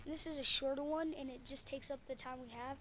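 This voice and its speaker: A woman's voice: high-pitched, steady tone, quick pace, fairly bright tone, a little hiss or hum. A woman telling a story casually to camera, rambling and full of ums and self-corrections, on a headset mic. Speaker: video creator.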